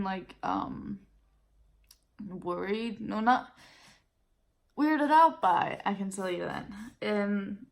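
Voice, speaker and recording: A woman's voice: on the high side, vocal fry. A woman in her twenties, a native Danish speaker, venting casually to camera, blunt and profane, tired and nauseous. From Denmark. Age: 20s. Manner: blunt and profane, quoting others in raised voices. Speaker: vlogger.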